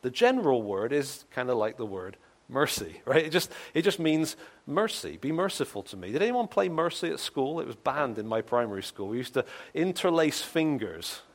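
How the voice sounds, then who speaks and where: A man preaching in a church in a relaxed, conversational way. He is earnest and sincere, stumbling over repeated words as he thinks aloud. At times he drops to a quiet, hushed tone for a prayer. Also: mid-range voice, normal speed. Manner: earnest, drops to soft hushed tones when voicing a penitent's prayer. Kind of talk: conversational sermon.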